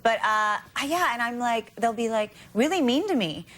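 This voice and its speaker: A woman guest on a talk show, telling stories in a giggly, animated way with acted-out quotes. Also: fairly high pitch, moderate pace. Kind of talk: anecdotal talk show chat. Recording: TV studio with audience noise. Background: studio audience.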